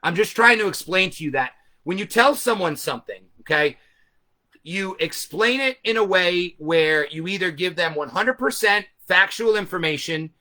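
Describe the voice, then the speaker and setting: A man hosting a live stream, speaking loudly and emphatically as he explains a point to his viewers. His voice sits high and bright and swings a lot in pitch. He talks from a camera set some way back. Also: lively intonation, normal speed. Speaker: host. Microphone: camera set back from him.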